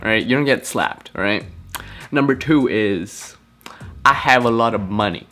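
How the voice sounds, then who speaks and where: A young man vlogging to camera, joking and slangy, with a deadpan prank delivery. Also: on the low side, a little slow, faint music behind. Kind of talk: joking vlog talk to camera.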